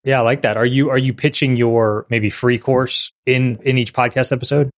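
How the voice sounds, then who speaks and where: A man hosting a podcast interview, asking questions in a relaxed, friendly, casual way. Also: mid-range voice, normal speed. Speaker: podcast host.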